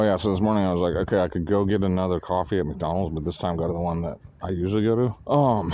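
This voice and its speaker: A man's voice: low voice, warm tone, highs cut off, a little hiss or hum. A man casually rambling and swearing while walking outdoors, vlogging on a phone. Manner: rambling, profane, talks to himself while walking. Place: outdoors on streets.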